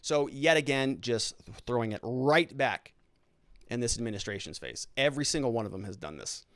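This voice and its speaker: A man hosting a political commentary show, sarcastic and animated, with mocking asides. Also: medium pitch, normal speed, no echo, studio quality. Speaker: host.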